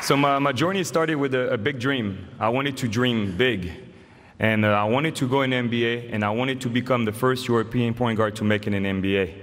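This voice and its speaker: A French-accented man in his forties, from France, is the honoree at a podium, giving a story-filled, humorous acceptance speech. He talks fairly quickly in a mid-range, fairly bright voice over slight background noise, and the large hall adds reverb and faint ambience.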